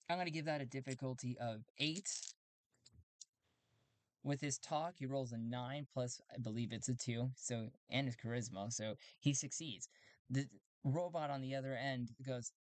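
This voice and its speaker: A man's voice: medium pitch, moderate pace, no room sound. A man narrating a solo tabletop game and rolling dice, rambling and correcting himself as he goes. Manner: rambling, self-correcting, chuckling. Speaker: solo game master and player.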